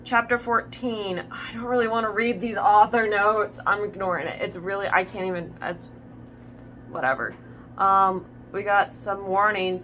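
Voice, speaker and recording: A young woman reading fan fiction aloud as host, deadpan, with wry asides and stumbles over the words. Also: medium pitch, moderate pace, slight background noise. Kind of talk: reading fanfic aloud with commentary.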